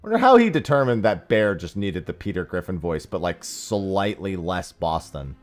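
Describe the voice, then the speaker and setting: A man's voice: sits low, very animated, normal speed, faint music behind. A man streaming an online game and chatting casually with viewers, sarcastic and swearing now and then. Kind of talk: casual chat while gaming.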